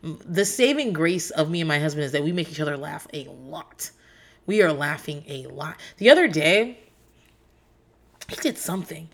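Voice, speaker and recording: A young woman talks loosely and bluntly, with plenty of swearing and laughter. Her voice sits a little low for a woman. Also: lively intonation, moderate pace. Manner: candid and profane, storytelling with laughs. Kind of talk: casual chat.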